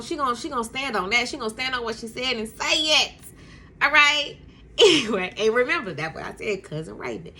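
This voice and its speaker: A young woman tells a personal story straight to her camera at home, her voice bright and forceful. She acts out every quote with swings in pitch and loudness and breaks into laughter. A faint hum sits behind her. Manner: animated, acts out quotes, laughs often, addresses viewers as y'all. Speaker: storytime vlogger. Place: home room with a Christmas tree.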